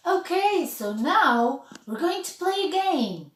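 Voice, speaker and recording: A woman English teacher narrating a children's lesson in a slow, encouraging, exaggerated way. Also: very high voice, very animated, reverberant, recorded from a distance.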